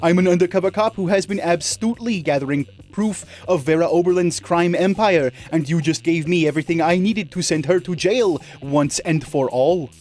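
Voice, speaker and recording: A man's voice: fairly high pitch, moderate pace, soft background music, lightly acted. A man voicing a smug young male undercover cop posing as a student, with a sly, matter-of-fact manner.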